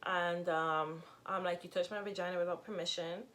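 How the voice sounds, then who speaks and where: A woman's voice: fairly low pitch, steady tone, moderate pace, a bit bright. A young adult woman in a casual storytime vlog, telling her story candidly and expressively, with lots of fillers and swearing. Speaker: vlogger.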